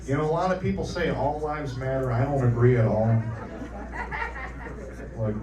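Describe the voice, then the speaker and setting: On a club stage, a man in his early forties performs stand-up in an animated, mid-range voice at normal speed. His delivery is loose and rambling, full of restarts. The roomy live recording is picked up off-mic, with audience laughter in the background.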